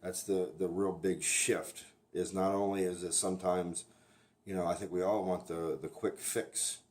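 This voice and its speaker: A man speaking as a recovery sponsor, talking candidly and bluntly, often restarting his sentences and filling pauses with "you know.". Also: low-pitched, level tone, a little mellow. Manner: halting, with frequent restarts and "you know" fillers; blunt and plainspoken. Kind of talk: candid informal talk to camera.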